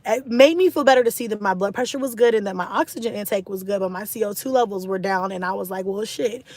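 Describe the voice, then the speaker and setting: A woman's voice: medium pitch, fast, no room sound. Stressed, candid woman telling a story. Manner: candid, animated, swears, lots of "like" and "you know". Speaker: vlogger talking to a live stream audience. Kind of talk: casual storytelling.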